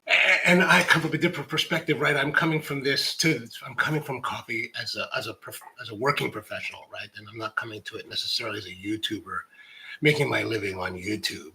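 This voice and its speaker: Bright rambling American man. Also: mid-range voice, quick pace, creaky, a little hiss or hum, poor audio. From United States. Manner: rambling, lots of "like" and restarts; candid and self-deprecating. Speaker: coffee professional and channel host. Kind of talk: casual chat to camera.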